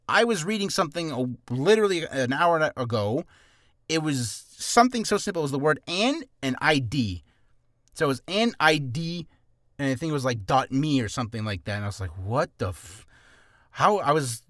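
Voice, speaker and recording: Chatty man with a lively voice. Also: a little high, no echo, clean studio sound. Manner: rambling, self-deprecating, quick-talking. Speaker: aspiring voice actor giving warm-up tips. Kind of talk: casual vlog tutorial. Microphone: camera on a stand.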